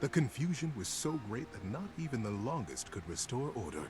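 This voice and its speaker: A man reading a storybook aloud as a streamer, expressive and lively. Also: mid-range voice, brisk, soft background music. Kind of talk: storybook narration.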